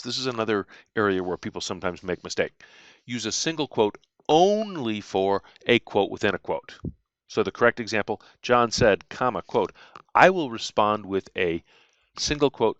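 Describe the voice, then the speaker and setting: A man's voice: lowish voice, fairly bright tone, dry recording, highs cut off. A man teaching punctuation in a recorded lecture, reading out example sentences along with their punctuation marks and stressing the rules. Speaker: writing instructor.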